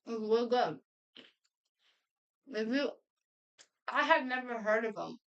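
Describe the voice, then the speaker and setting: A woman's voice: on the high side, animated, slow pace, fairly bright tone, recorded from a distance, lo-fi sound. A woman in her twenties chatting casually to her live stream viewers at home, rambling and laughing often. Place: home room.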